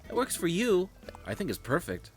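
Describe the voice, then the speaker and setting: A man's voice: high-pitched, wildly swooping pitch, normal speed, pitched above the performer's own voice. A man reading out a cheerful game villager's lines in a raised, bubbly, sing-song voice. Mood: chipper. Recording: game music behind the voice.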